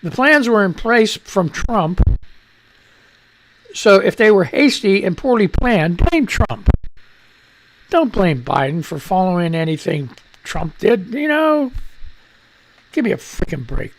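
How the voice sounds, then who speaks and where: A man with a gravelly, rough-edged voice hosts a live radio show, ranting and swearing between news items. He grumbles at his microphone and drifts on and off it, his level jumping as he moves. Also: high-pitched. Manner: profane, irritable rant, fiddling with the mic. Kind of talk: unscripted live radio talk and news reading. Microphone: studio microphone at shifting distance.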